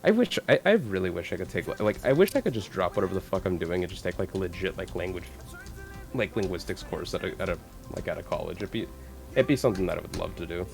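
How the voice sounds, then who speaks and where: A low-voiced man with a gravelly, creaky edge, ranting on a live stream with heavy swearing and constant restarts. Faint music plays quietly under his voice. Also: fast talker. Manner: profane, animated ranting with many restarts. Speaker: streamer co-host. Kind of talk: casual live-stream chat.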